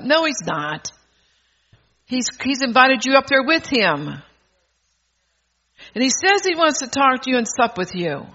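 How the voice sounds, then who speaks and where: A man's voice: extremely high pitch, bright, forceful tone. An older man preaching a sermon, bold and exhorting, chuckling between phrases, on a dull lo-fi recording.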